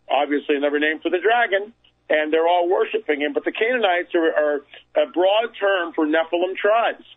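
A man with a fairly high voice holds forth as a radio guest. He tells his story emphatically and repeats phrases to drive points home. His voice comes through a thin, tinny phone line. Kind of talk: storytelling on a call-in radio show.

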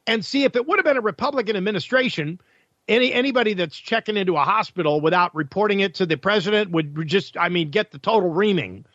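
Combative high-voiced radio host man. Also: fast talker, a bit bright, no room sound, highs cut off. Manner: combative, sarcastic, with rhetorical questions. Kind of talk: opinionated radio monologue.

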